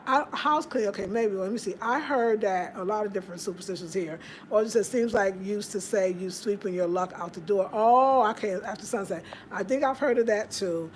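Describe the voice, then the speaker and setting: A woman's voice: mid-range voice, a little hiss or hum. A woman hosting a casual live stream, chatty and laughing often, drifting from one topic to the next. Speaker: livestream host. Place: home in Ghana.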